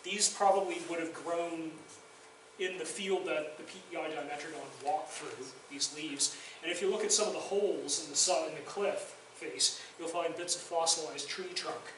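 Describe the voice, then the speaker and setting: A man with a fairly high voice gives a chatty, self-deprecating lecture full of anecdotes. He is recorded from far off in a very echoey room. Faint background hiss sits under his voice. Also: moderate pace. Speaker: guest lecturer and documentary filmmaker. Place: university faculty lounge, indoors.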